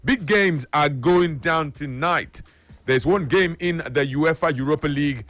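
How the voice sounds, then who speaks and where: Halting radio presenter. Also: male voice, fairly high pitch, a bit bright, no room sound, faint music behind. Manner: halting, filler-heavy. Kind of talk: sponsored segment reading.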